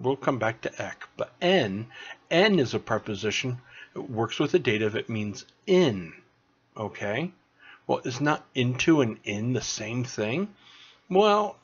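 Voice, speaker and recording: A man tutoring beginners through a recorded online language lesson, slow and patient, checking in with "okay?" after each point. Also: mid-range voice, breathy edge, lo-fi sound. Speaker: Greek tutor.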